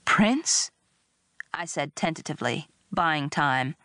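A woman narrating a storybook in the first person, wry and expressive. Her delivery is unhurried and her pitch moves a lot, sitting a little low. The sound is dry and close. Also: dry recording. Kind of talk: audiobook narration.

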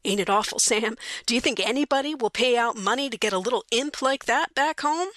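A woman's voice: on the high side, brisk, fairly bright tone, no echo, clean studio sound, natural voice. A woman voicing Bill, a nervous, complaining grown outlaw who talks in a rustic drawl and sounds frightened. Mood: fretful.

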